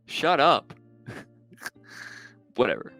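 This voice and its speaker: A young man talks casually on a livestream, mocking and exasperated as he reacts. His pitch sits in the middle for a man, and his tone is loose and conversational, with faint music in the background. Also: very animated, drawn-out words, bright, forceful tone. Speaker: streamer and political commentator. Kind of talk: casual sarcastic commentary on a livestream.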